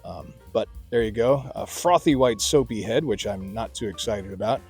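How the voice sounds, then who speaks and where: A man's voice: fairly low pitch, moderate pace, creaky, a little mellow, breathy edge. Middle-aged man, chatty beer-review vlog host, folksy rambling asides, outdoors at night, faint music behind. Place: outdoor beer garden at night under a spotlight.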